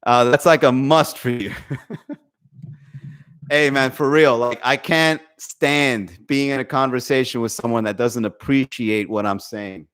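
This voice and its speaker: A man's voice: medium pitch, steady tone, measured pace, a bit bright, clean tone. A young adult man, a comedian hosting a casual livestream podcast, talking through a phone, reading viewer comments and acting out the voices he quotes, with plenty of swearing. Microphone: phone for live stream.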